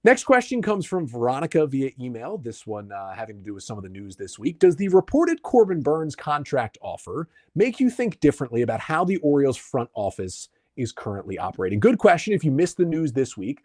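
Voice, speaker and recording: A man hosting a solo sports podcast, explaining baseball numbers and answering listener questions in a brisk, stat-heavy way. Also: medium pitch, very animated, darkish tone, no room sound, studio quality. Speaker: podcast host.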